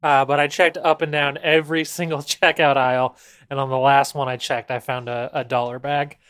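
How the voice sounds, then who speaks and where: A woman's voice: rumbling low, flat delivery, clean tone, no echo. Wry woman bantering on a podcast. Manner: wry, quick to push back. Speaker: podcast co-host. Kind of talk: casual comedic chat.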